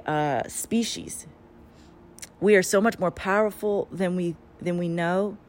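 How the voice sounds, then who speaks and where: A woman talking casually as a spiritual channeler, rambling and swearing as she tells a story with lots of energy. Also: lowish voice. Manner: profane, rambling, animated storytelling.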